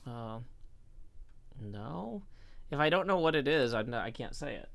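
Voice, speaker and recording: A man's voice: medium pitch, big pitch swings, a little slow, gravelly, a bit bright, dry recording. A man streaming live, chatting casually and reading messages aloud with wry asides. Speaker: livestreamer. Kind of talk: casual livestream chat.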